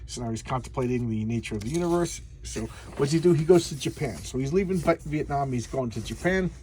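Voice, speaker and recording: A man's voice: medium pitch, animated, fast talker, dark tone, slight background noise. A man casually recapping a comic book in a rambling, sarcastic way, with many restarts. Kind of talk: casual video commentary.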